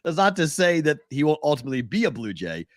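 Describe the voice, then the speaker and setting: A man co-hosting a sports betting podcast in casual talk, animated and laughing often, sometimes mimicking whiny voices. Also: on the high side, quick pace, no echo, clean studio sound.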